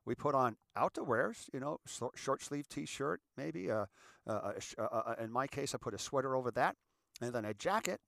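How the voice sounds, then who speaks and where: A man's voice: mid-range voice, moderate pace, creaky, no room sound. Rambling middle-aged man, close and dry. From California. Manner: rambling, animated, acts out little scenes. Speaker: host. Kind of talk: casual monologue.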